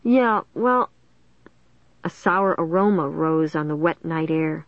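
Low-voiced woman narrating a story. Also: steady tone, normal speed, dry recording, dull audio. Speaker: audiobook narrator. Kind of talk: first-person story narration.

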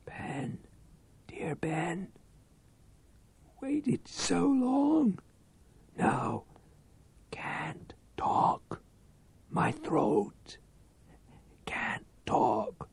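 A man voicing a feeble old man who has nearly lost his voice, speaking in a faint, breathy whisper and broken, halting phrases. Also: lowish voice, very animated, warm tone, exaggerated voice. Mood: pleading.

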